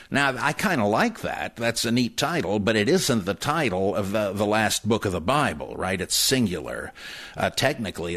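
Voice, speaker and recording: A man's voice: sits low, fairly bright tone, dry recording. A man giving a casual, wry commentary on biblical studies, with frequent fillers and spelled-out words.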